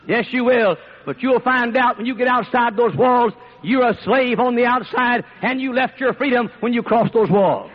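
A man preaching a sermon in an emphatic, repetitive way that rises to shouts, on a dull lo-fi recording. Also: very high-pitched, normal speed, hardly any pauses.

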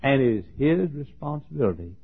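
A husky male pastor preaching a folksy, joking sermon that swings from hushed talk to shouting. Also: medium pitch, sing-song, brisk. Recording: tinny lo-fi sermon recording.

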